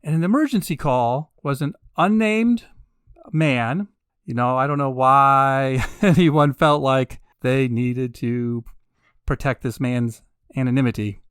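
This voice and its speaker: A man hosting a podcast in a casual monologue, wry and sarcastic with laughing asides, building to emphatic, drawn-out peaks. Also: mid-range voice, a bit bright, clear, resonant tone, no echo, clean studio sound. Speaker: podcast host.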